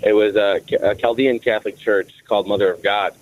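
A man's voice: fairly low pitch, fairly even intonation, fairly quick. A man from Michigan calling in to a radio show and telling his story in a hesitant, rambling way. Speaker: radio caller. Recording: dull phone line.

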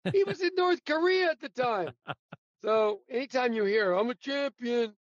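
High-voiced man telling lively stories. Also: normal speed, dry recording, muffled recording. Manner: animated anecdotes, laughs often. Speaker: guest storyteller, sportswriter. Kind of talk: casual storytelling interview.

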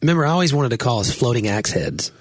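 A middle-aged man reminiscing in a casual chat, animated and quick to laugh. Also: medium pitch, dry recording, studio quality. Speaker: podcast co-host, former band member.

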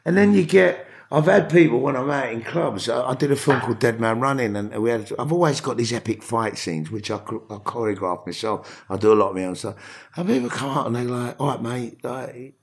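Gravelly, animated London man. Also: medium pitch, brisk. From England. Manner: animated storyteller, swears freely. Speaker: actor guest. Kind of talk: casual podcast interview.

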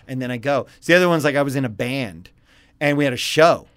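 A man in his thirties co-hosting a podcast, telling a story with animated quotes in casual chat. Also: medium pitch, fast, clean tone. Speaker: podcast co-host.

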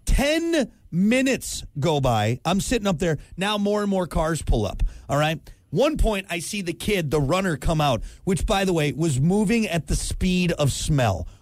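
A man with a fairly high voice tells a story in a casual podcast chat. He sounds animated and exasperated. The sound is dry and close to the mic. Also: measured pace, no room sound. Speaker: podcast co-host.

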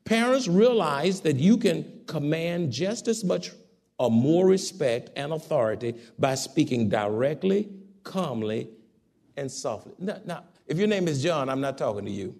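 A man preaching a sermon, swinging from loud exhortation to soft, low asides. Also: lively intonation, a little slow.

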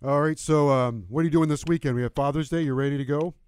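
A man's voice: on the high side, steady tone, fast talker, darkish tone, clean tone, dry recording, studio quality. A middle-aged man guest-hosting a sports radio show, chatting casually and laughing easily.

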